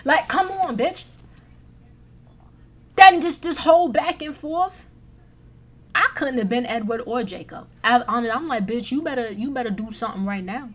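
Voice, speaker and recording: A woman reviewing movies in a casual chat, blunt, profane and animated as she rants. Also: a little high, moderate pace, long pauses.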